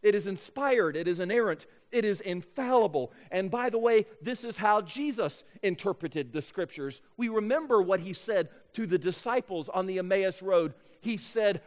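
A man's voice: sits high, animated. Emphatic male pastor in a reverberant hall. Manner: emphatic, drawn-out key words. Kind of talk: sermon. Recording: long reverb of a large hall.

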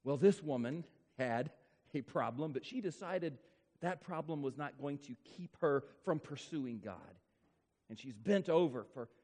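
A man preaching a sermon as pastor, emphatic and repetitive, stretching key words out slowly for effect. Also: on the high side, lively intonation, a little mellow. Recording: long reverb of a large hall.

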